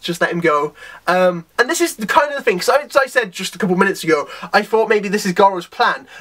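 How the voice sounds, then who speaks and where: A man casually reviewing a comic chapter, rambling and animated, often acting out characters' lines. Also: high-pitched.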